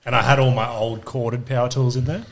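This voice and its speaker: A man's voice: medium pitch, level tone, fast talker. Swearing Australian man telling stories. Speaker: podcast co-host. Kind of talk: casual storytelling chat.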